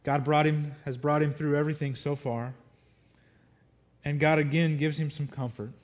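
A man's voice: a little high, steady tone, normal speed, muffled recording. Earnest man preaching a sermon. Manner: earnest, reads scripture aloud and dwells on it. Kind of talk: sermon with scripture reading.

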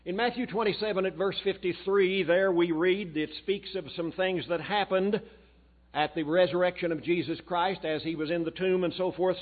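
A male guest preacher delivers a sermon, telling a story in a folksy way and reading quotations aloud. His voice sits a little high. The sound is thin and boxy, like a phone line. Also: steady tone, normal speed. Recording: tinny phone-like recording.

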